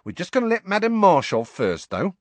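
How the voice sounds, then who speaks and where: A man's voice: high-pitched, huge pitch swings, brisk, no echo, voice pushed up. A man voicing a cheery, chatty young male bus conductor who gossips in slangy, ungrammatical speech. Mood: bright.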